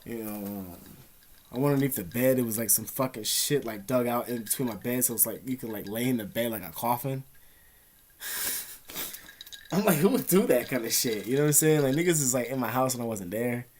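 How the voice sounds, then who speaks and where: A man's voice: medium pitch, brisk, darkish tone, a little hiss or hum. A young man vlogging from an indoor room, telling a story in a rambling, profane, streetwise way. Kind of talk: casual storytelling to camera.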